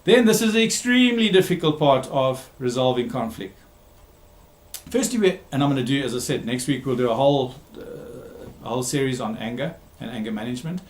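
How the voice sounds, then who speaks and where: A man who works as a therapist gives a recorded talk, speaking emphatically, repeating key words and pausing with frequent ums. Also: medium pitch, expressive, roomy sound. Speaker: therapist giving a talk series.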